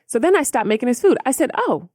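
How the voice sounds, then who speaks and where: Een vrouw die als co-host van een podcast geanimeerd en losjes verhalen vertelt en haar luisteraars direct aanspreekt. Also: female voice, sits high, rapid-fire, no room sound, studio quality. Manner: animated, addresses listeners as y'all. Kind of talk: casual storytelling.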